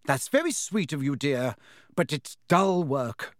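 A man's voice: on the high side, sing-song, measured pace, dry recording, studio quality. A man voicing a fussy, motherly woman who snaps out scoldings, reading a storybook. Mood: fond. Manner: sharp, snapping scolds softening to fond.

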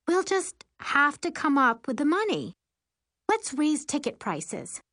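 A woman's voice: high voice, sing-song, slow, a bit bright, dry recording, clean studio sound, pitched above the performer's own voice, heavily acted. A woman voicing a firm, insistent teenage girl. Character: bossy, decisive teenage girl.

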